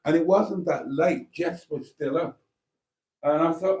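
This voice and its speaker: A man's voice: a little high, measured pace, darkish tone. A man hosts a casual livestream, chatting and rambling with many ums and restarts as he reads out viewer comments. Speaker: YouTube channel host.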